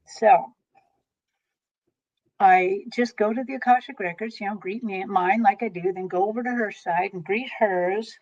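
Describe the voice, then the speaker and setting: A woman reader telling an animated story in casual chat, with quick exclamations. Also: mid-range voice, dull audio. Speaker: tarot reader guest.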